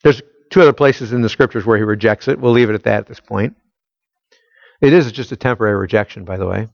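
A man's voice: fairly low pitch, fast, gravelly, no echo, highs cut off. Emphatic man preaching a sermon. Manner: conversational, emphatic, asks the congregation rhetorical questions. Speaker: pastor. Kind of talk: expository sermon.

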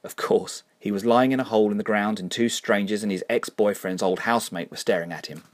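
A man narrating a story in a dry, wry, measured way. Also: lowish voice, dry recording. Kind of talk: scripted narration.

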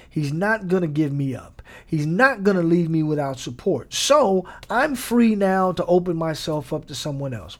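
Man, preacher, casual sermon, emphatic repetition, slightly high voice. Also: expressive, normal speed, hardly any pauses. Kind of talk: conversational sermon.

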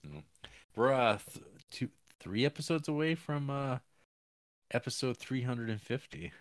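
A man's voice: medium pitch, animated, measured pace, no room sound. A man co-hosting a podcast, trading dry, jokey banter in casual chat. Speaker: podcast co-host.

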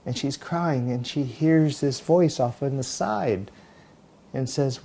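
Mellow-voiced male pastor telling a story. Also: medium pitch, slow, gravelly, husky. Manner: storytelling, dramatic retelling with many restarts. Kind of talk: sermon.

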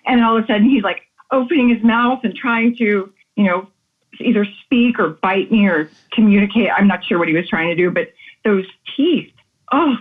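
A woman's voice: mid-range voice, moderate pace. A woman guest in an interview, telling stories with enthusiasm and animation. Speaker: guest artist. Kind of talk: casual interview chat. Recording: tinny phone-like call audio.

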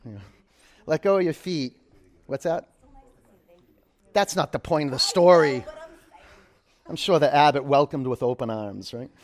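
A man's voice: fairly high pitch, measured pace, pauses often. A man leading a live yoga class, calling out counts and motivating cues, with casual storytelling asides. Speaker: yoga instructor.

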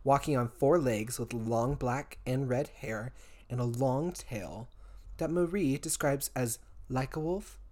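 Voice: mid-range voice, unhurried, darkish tone. A podcast co-host casually telling a true-crime story, laughing often and dropping crude jokes.

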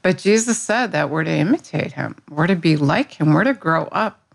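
A woman with a low, gravelly voice gives a casual spoken devotional. She talks in an earnest, conversational way and often restarts her phrases as she thinks aloud. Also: animated, moderate pace. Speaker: devotional speaker.

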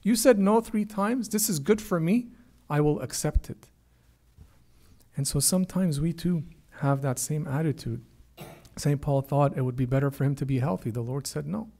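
A man's voice: medium pitch, gravelly, warm tone. A man preaching a sermon with earnest emphasis, often repeating his words and lifting his voice for quoted prayers. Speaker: priest.

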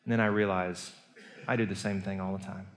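A male pastor preaching a sermon, telling the story earnestly and moving between hushed and emphatic delivery. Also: sits low, flat delivery, brisk. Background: soft guitar music.

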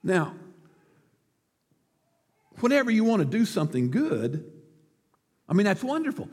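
Male pastor, very high voice, emphatic sermon, long reverb in a church. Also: very animated, measured pace, long pauses, slightly rough. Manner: emphatic, rhetorical questions, declamatory.

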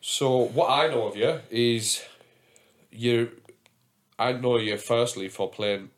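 A man's voice: mid-range voice, slow pace. Man, podcast host, casual chat, swears a lot, laughs at himself. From England.

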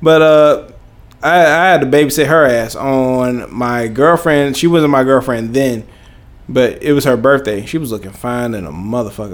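A young man spins a long, rambling story at a middle pitch. His talk is loose and profane, peppered with fillers and bursts of laughter. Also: moderate pace. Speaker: podcast host. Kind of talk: casual storytelling.

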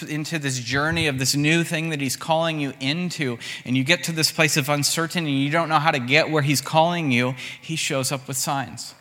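A man preaching a sermon in a conversational, storytelling way, voicing the people in his stories. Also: a little high. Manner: conversational storytelling with lively voiced quotes. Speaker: pastor. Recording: long hall reverb.

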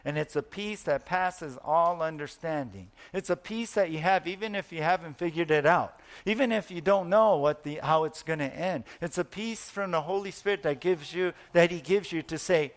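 An earnest male preacher delivering a sermon. His voice is a little higher than most men's. He stretches out key words for emphasis and often stumbles and repeats himself. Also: normal speed, few pauses.

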